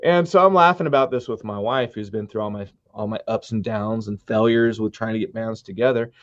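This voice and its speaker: A middle-aged man, a musician guest, telling his story with earnest, animated retellings in a casual interview. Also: lowish voice, fairly quick, no echo. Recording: dull dry sound.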